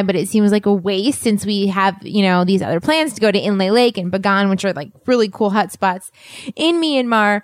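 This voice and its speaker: A woman's voice: medium pitch, normal speed, dry recording. A young woman co-hosting a casual travel chat, teasing and laughing easily, with lots of "like". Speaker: travel podcast co-host.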